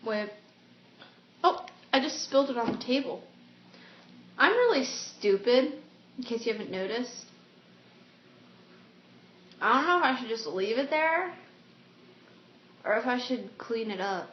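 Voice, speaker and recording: A woman's voice: fairly high pitch, expressive, unhurried, pauses often. A woman vlogger chatting casually and mocking herself in a giggly way, in a room at home. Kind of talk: casual vlog chat. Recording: roomy dull home video with faint hiss.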